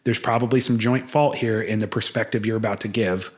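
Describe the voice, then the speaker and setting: A man's voice: on the low side, fairly even intonation, fairly quick. A man in his thirties co-hosting a marriage podcast in casual chat, blunt and profane, getting fired up as he talks. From United States. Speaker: podcast co-host.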